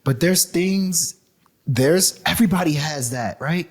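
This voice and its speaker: A man's voice: on the high side, measured pace, slightly rough. A man co-hosting a podcast, ranting with emphasis and laughing as he talks. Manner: animated, laughing, emphatic rants. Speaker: podcast co-host. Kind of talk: casual chat.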